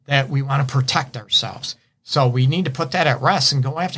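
Brisk and medium-pitched, with a slightly rough, somewhat bright tone, a man from the Detroit area delivers a radio advice monologue. He counsels couples and keeps it conversational, regularly tossing in "right?" and "you know."

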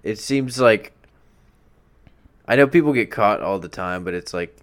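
A man's voice: lowish voice, lively intonation, unhurried. A man in casual podcast chat, hesitant and self-correcting as he talks.

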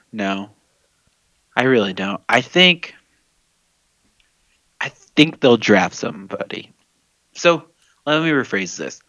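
A man with a fairly low voice talks loosely on a podcast, hesitating with fillers and laughing easily. The sound is dry and a little dull. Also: sharp tone, no room sound. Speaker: podcast co-host. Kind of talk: casual fantasy football chat.

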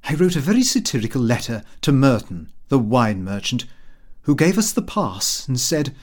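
Guy reading an old comic diary out loud, voice swoops up and down a lot, mid pitch. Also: very animated, normal speed. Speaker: audiobook reader. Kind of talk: scripted narration of a comic diary.

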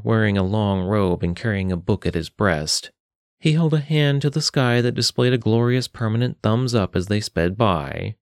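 A man narrating a short story for a podcast in a steady, unhurried reading. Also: fairly low pitch, dry recording, studio quality. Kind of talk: scripted narration.

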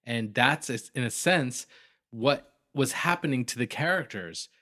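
A man co-hosting a casual podcast chat about a film, relaxed and a bit hesitant. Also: mid-range voice, a little slow. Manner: laid-back, hesitant, laughs along. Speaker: podcast co-host reviewing a film.

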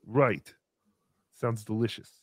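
In a full character voice, a man plays a small, crude green puppet who giggles, reads out donations on a comedy stream, and refers to himself in the third person. The cheeky delivery is fairly low-pitched, husky and slow, with clean studio sound and no echo.

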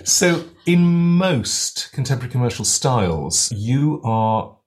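A man co-hosting a casual panel discussion, speaking in a measured and emphatic way. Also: mid-range voice, big pitch swings, a little mellow.

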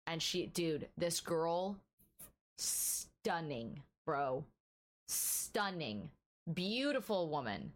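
A woman co-hosting a podcast, telling a story in a casual, animated way and filling her speech with "like". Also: low voice, very slow. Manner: animated storyteller, heavy use of "like", acts out dialogue. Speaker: podcast co-host.

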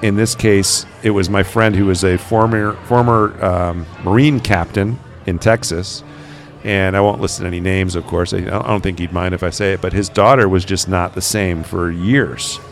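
A man, a paranormal investigator, telling stories in a relaxed interview and acting out the quoted voices. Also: deep voice, moderate pace, faint music behind. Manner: animated, acts out quoted voices. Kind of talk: conversational interview storytelling.

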